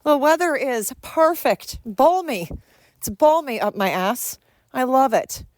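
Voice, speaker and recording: A woman's voice: high voice, lively intonation, slow pace, no room sound, pitched above the performer's own voice. A woman voicing a smug, oblivious celebrity in a breezy, mocking sing-song. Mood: smugly cheerful.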